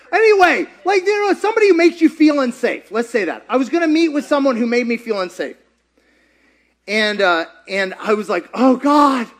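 A man preaching a sermon as a pastor, animated and conversational, often asking the audience questions. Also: extremely high pitch.

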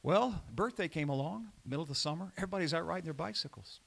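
Bright, animated preaching man. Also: fairly high pitch, quick pace, creaky, husky. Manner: animated preaching with call-and-response; swings between loud emphasis and quiet asides. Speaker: pastor. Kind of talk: sermon.

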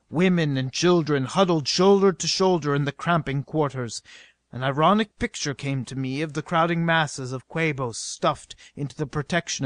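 A man reading an adventure novel aloud as narrator, with a steady, dramatic delivery. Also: a little high, no echo, studio quality. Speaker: audiobook narrator.

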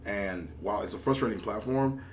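A man's voice: on the low side, fairly quick, a little hiss or hum. A man hosting a podcast in casual chat, telling stories in a laid-back, slangy way. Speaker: podcast host.

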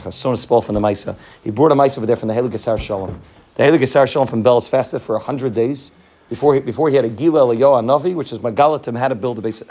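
A man giving a Torah talk, telling a Hasidic story in rapid, heartfelt speech that repeats phrases and weaves in Hebrew and Yiddish terms. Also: mid-range voice, a little mellow, breathy edge. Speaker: Torah teacher.

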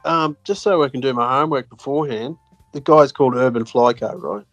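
A man co-hosting a podcast in casual chat, easygoing and quick with short agreeing replies. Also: mid-range voice, a bit bright, no echo, muffled recording, soft background music. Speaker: podcast co-host.

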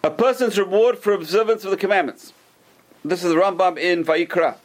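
In a high, brisk voice, a man teaches Torah through lively stories. He acts out the people he quotes and often repeats himself or starts phrases over.

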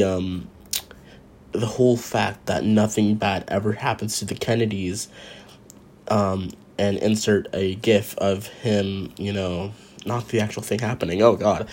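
Rambling man, lowish voice. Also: darkish tone, slightly rough. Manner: rambling, self-interrupting, wry and sarcastic. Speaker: podcast host. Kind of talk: casual rambling monologue. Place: at home while drawing.

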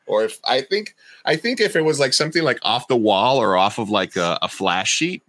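A man's voice: medium pitch, animated, moderate pace, a bit bright, no echo. A man hosting a podcast in casual chat, rambling and often restarting his sentences. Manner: rambling, self-correcting. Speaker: podcast host.

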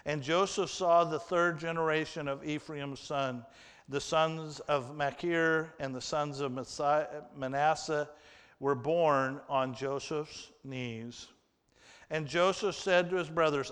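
A man preaching a sermon and reading scripture aloud, slow and emphatic, with surges of intensity. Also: fairly high pitch, steady tone, fairly bright tone, clean tone. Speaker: pastor. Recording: reverberant hall.

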